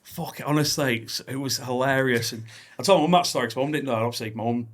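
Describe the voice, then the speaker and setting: A man hosting a podcast, chatting casually, swearing freely and telling stories with lively impressions of the people in them. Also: mid-range voice, racing. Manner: animated storyteller, swears freely, acts out quotes. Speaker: podcast host. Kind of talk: casual chat.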